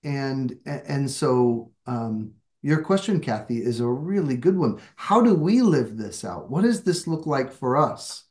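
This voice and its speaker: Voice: mid-range voice, animated, a little slow, few pauses, a little mellow. Reflective Bible study leader on a video call. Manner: reflective, searching, self-deprecating. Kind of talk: leading a group discussion.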